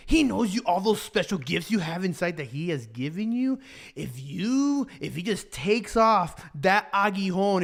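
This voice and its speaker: A man's voice: high voice, expressive, a little slow. A young man preaching a casual sermon, slangy and joking, often laughing at his own jokes.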